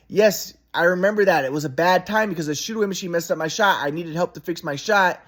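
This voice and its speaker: A man's voice: high-pitched, quick pace, hardly any pauses, fairly bright tone. A man in his thirties in a rambling, repetitive casual monologue, agitated and swearing.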